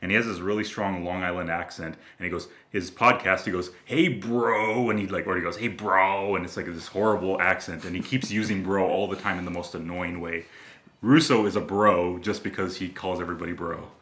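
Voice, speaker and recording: A man's voice: deep voice, steady tone, a little fast, a bit bright. A man chatting casually on a podcast, rambling and hesitant, with lots of fillers. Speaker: podcast co-host. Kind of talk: casual chat. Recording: roomy echo.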